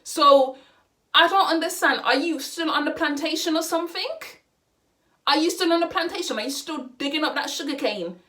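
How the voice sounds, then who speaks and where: A woman's voice: high-pitched, normal speed, bright, forceful tone. A young woman vlogger speaking her mind with passion, repeating phrases for emphasis and mixing Caribbean and slang words into her talk. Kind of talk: opinion vlog rant.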